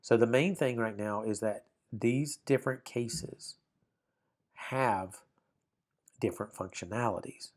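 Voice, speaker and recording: A man's voice: mid-range voice, unhurried. A man teaching a Bible Greek lesson, explaining step by step with frequent ums and reading aloud from a textbook. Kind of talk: walking through a textbook lesson.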